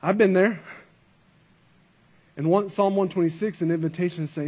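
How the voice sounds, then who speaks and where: A man's voice: sits high, fairly even intonation, normal speed, pauses often, a little mellow. A man, a guest pastor, preaching a sermon at a church service, earnest and emphatic, asking rhetorical questions and repeating phrases for weight.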